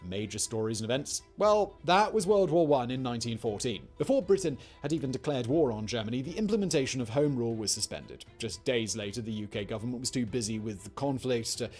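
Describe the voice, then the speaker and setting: A man's voice: mid-range voice, lively intonation, brisk, few pauses, darkish tone, soft background music. A man narrating a scripted history piece with wry, jokey asides. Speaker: documentary narrator.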